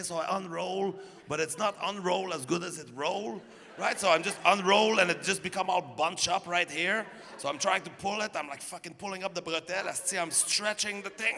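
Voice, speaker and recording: A man doing live stand-up storytelling, animated and profane, laughing through his lines. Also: high-pitched, moderate pace, gravelly. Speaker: stand-up comedian. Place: live comedy stage. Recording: reverberant venue, faint crowd noise.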